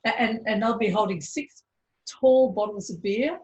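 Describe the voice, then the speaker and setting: Australian woman host, conversational, middle pitch. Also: moderate pace, a little mellow, poor audio. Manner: friendly, chatty, laughs easily. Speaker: host, interviewer. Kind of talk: casual interview chat.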